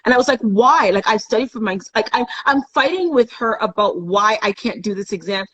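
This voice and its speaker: Speaking quickly at a medium pitch, a young adult Canadian woman appears as a guest in a live chat and openly shares a painful personal story. She mimics the people in it, and her slightly bright voice comes through with the high frequencies cut off.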